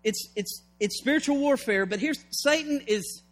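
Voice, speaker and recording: A man's voice: extremely high pitch, normal speed. A man preaching a sermon with fervor, reading scripture and acting out its scenes. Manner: fervent, acts out scripture scenes.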